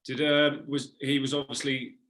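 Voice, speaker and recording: A man's voice: mid-range voice, level tone, normal speed, a bit bright. Guy hosting a podcast, mid voice, laid back and chatty. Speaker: podcast host. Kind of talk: casual podcast chat.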